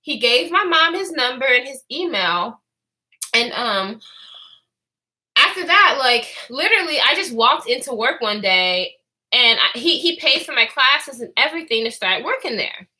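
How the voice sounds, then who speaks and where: Speaking a little slowly, a young woman from Houston, Texas, tells a story on her vlog with lots of animation. Her voice is high and very bright, leaping up and down in pitch whenever she imitates the people involved.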